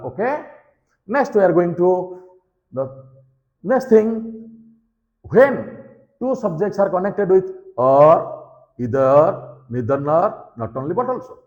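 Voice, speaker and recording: A man's voice: high voice, darkish tone, lo-fi sound. A man teaching a grammar lesson, repeating key points and often checking if students follow. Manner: repetitive, checks understanding with "okay?". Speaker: English teacher.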